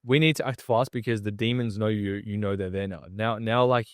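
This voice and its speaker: A man's voice: on the low side, brisk, no echo, clean studio sound. A man guesting on a podcast, telling a story in a casual, slangy way and acting out what other people said. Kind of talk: animated storytelling.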